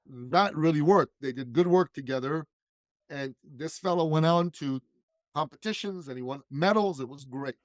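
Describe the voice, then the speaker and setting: A man's voice: on the high side, normal speed, no room sound. Emphatic male business coach, dry sound. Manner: emphatic, punchy repetition. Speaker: guest, business coach and speaker. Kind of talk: animated storytelling in conversation.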